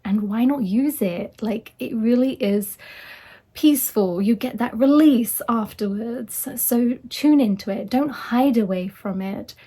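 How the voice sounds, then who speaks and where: A woman's voice: on the high side, a little slow, dark tone, husky. A woman life coach giving a casual, earnest motivational talk, reassuring and acting out quoted voices.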